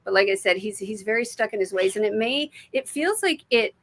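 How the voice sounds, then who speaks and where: An American woman hosts a live stream of psychic card readings. Her talk is loose and chatty, full of laughs and cheerful swearing, with sudden soft murmurs when she turns to ask spirit for answers. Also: medium pitch, animated, brisk, slight background noise. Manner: chatty, warm-hearted, laughs often, swears freely; drops to murmurs and whispers when asking spirit. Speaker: intuitive reader.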